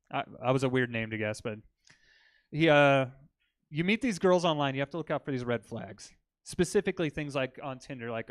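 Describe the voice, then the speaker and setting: A man doing a stand-up comedy set in a comedy club, telling crude jokes with deadpan delivery and bantering with the crowd. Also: on the high side, moderate pace, pauses often, clear, resonant tone, dry recording.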